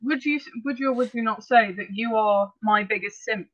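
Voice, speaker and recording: A woman's voice: on the high side, moderate pace, a bit bright. A teenage girl chatting as a podcast co-host, making mock-serious teasing jabs. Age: teens. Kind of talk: casual chat between friends. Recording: dull lo-fi sound.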